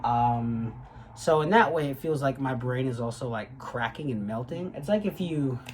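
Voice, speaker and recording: A man's voice: medium pitch, normal speed, a crowd in the background, low-quality recording. A young man in his twenties, a graduate student, talking to the camera in a rambling casual vlog with lots of fillers and swearing. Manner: rambling, with frequent fillers and profanity.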